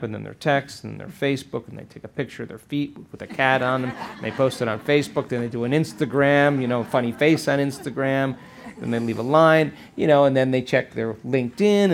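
A man's voice: mid-range voice, vocal fry, a little hiss or hum. A man teaching a seminar to a live audience, often checking in with rhetorical questions and acting out quoted voices. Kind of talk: live workshop lecture.

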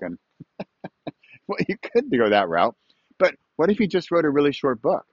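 Man, casual walk-and-talk vlog, animated rising and falling voice, dry slightly dull audio. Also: sits high, moderate pace, long pauses, breathy edge, no echo. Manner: rambling, self-amused, calls out to his dogs mid-thought. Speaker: author and online course creator. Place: outdoors.

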